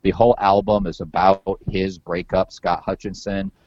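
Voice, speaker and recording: A man's voice: sits low, flat delivery, normal speed, darkish tone, dry recording, highs cut off. A man hosting a podcast in casual chat, rambling and loose with some swearing and many repeated words. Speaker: podcast host.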